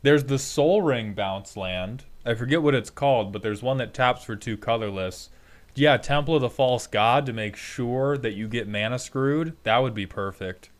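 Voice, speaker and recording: Male streamer host, sarcastic, profane, mid-pitched, loose casual banter. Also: moderate pace. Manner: sarcastic, profane, mock-scolding. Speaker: streamer host roasting viewer decks.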